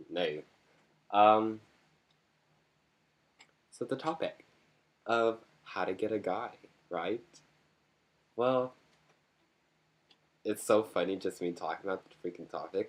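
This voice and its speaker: A man with a low, deep voice chats straight into his camera at home-video ease. He rambles from one topic to the next, joking and poking fun at himself as he goes. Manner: rambling, joking and self-mocking. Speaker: vlogger. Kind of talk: casual chat to camera.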